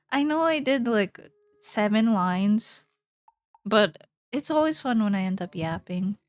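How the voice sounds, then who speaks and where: Slow-talking, playful woman streamer. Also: medium pitch, lively intonation, no echo. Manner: rambling, playful, laughs often, swears casually. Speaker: streamer chatting while drawing. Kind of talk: casual chat with live chat.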